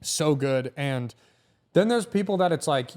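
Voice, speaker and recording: A young man, a stand-up comedian, telling casual, animated stories and swearing freely. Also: a little high, a little slow. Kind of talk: casual storytelling.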